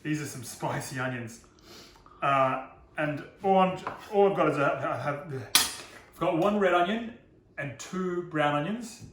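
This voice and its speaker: A man's voice: fairly high pitch, lively intonation, a little slow, noisy background. Chatty man demoing in an echoey kitchen. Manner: chatty, self-deprecating, jokes about his own slips. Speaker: cooking demonstrator. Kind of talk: casual cooking demo.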